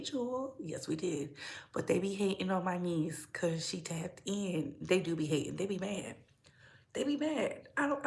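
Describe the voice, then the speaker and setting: A woman's voice: low-pitched, vocal fry. A young adult woman hosting a casual gossip livestream, chatty and sassy, greeting her viewers by name and laughing often. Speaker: livestream host.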